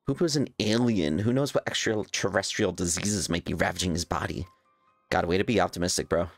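A man's voice: sits low, brisk, no echo, faint music behind. A man streaming a game and reading its dialogue aloud in a playful, jokey way. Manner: playful, laughing, jokey asides. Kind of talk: casual let's-play reaction, reading dialogue aloud.

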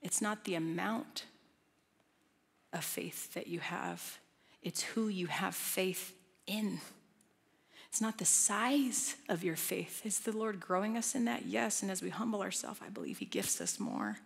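A woman preacher delivers a sermon in a lively, joking, conversational manner to a congregation. Her mid-pitched voice carries through a large church auditorium with a long reverb tail. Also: unhurried, gravelly, husky. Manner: animated, playful, conversational, with laughs. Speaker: guest preacher.

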